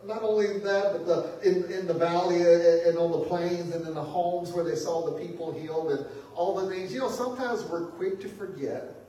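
Male pastor, fairly high voice, animated preaching with loud peaks and soft asides; recorded far from the mic in a big echoey church. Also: normal speed, few pauses. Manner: lively preaching that swings from booming exclamations to hushed asides, with chuckles. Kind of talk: sermon. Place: church sanctuary. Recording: echoey hall, mic at a distance.

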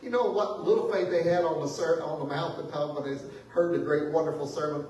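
A pastor preaching a sermon in lively style, shifting between booming exclamations and hushed asides, often chuckling. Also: male voice, brisk, highs cut off. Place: church sanctuary. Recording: echoey hall, mic at a distance.

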